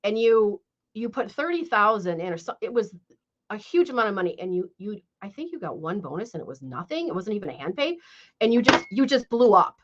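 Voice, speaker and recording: A woman's voice: medium pitch, big pitch swings, brisk. A woman hosting a live stream, chatting casually and hesitantly with many fillers. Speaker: livestream host. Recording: muffled lo-fi stream audio.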